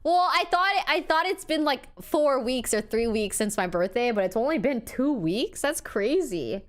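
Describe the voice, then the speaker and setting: In a fairly high, animated voice at normal speed, a young adult woman talks casually with her stream's chat. She cries and laughs as she keeps thanking her viewers.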